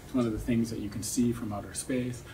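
A man's voice: medium pitch, fairly even intonation, quick pace, mellow. Man lecturing at a seminar, distant mic. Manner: thoughtful, explanatory, frequent "um" and "right?". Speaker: academic speaker. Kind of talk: seminar talk. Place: seminar room. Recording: distant mic with faint noise.

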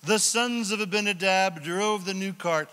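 Dramatic high-voiced preacher in a reverberant hall. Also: male voice, moderate pace. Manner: dramatic preaching, swings from shouts to whispers; reads scripture aloud and asks the congregation questions. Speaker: pastor. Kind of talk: sermon. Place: church sanctuary.

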